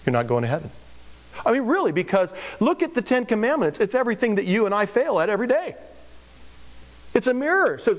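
Male pastor, fairly high voice, casual, joking delivery in a sermon. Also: big pitch swings, quick pace. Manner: conversational, joking preaching.

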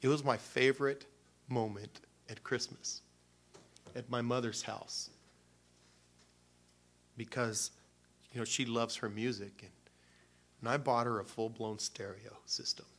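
A man telling a personal story from the pulpit in a midrange voice. He talks loosely and with feeling, stopping and restarting often. The tone stays warm and unscripted. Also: medium pitch, steady tone, unhurried, long pauses. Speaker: pastor. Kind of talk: sermon before communion.

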